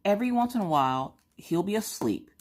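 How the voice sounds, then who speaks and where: A middle-aged woman rambling casually on her vlog, chatty and animated, acting out what she and her kids said. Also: medium pitch, a little fast. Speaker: vlogger.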